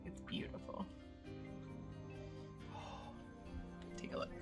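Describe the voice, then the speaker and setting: Speaking very slowly with music playing behind her, a baking vlogger rambles through a recipe from her home kitchen. She's casual and talkative, peppering her speech with "uh"s and laughs.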